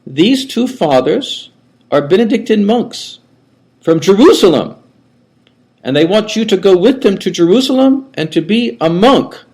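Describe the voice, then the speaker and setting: An elderly monk who speaks with a German accent. His voice sits high and thin, well above the speaker's own. He tells his story plainly and earnestly, repeating simple phrases like a child's tale. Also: expressive, a little slow, a little mellow.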